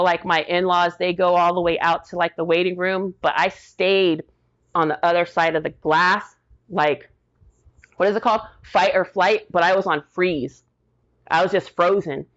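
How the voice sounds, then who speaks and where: A woman's voice: lowish voice, muffled recording. A middle-aged woman guest telling a personal story with strong feeling. She talks casually, full of fillers, and acts out the quoted dialogue. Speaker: podcast guest.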